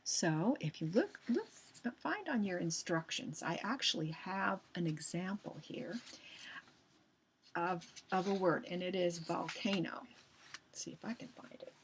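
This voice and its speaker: A woman's voice: fairly low pitch, lively intonation, measured pace, slight background noise. A woman teaching a recorded lesson, patient and chatty, often repeating herself and restarting sentences as she explains.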